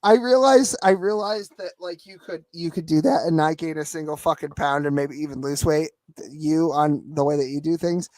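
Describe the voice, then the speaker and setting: A man's voice: a little high, normal speed, few pauses, darkish tone, no echo. A man, co-hosting a casual online show, rambling and swearing with frequent restarts. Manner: rambling, profane, restarts often. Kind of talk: casual profane banter.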